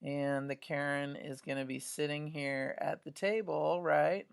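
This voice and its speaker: Art teacher lady explaining a drawing to her class, gravelly voice, keeps saying right?. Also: low-pitched, steady tone, unhurried. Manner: chatty, often checks in with "right?". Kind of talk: drawing demonstration for students.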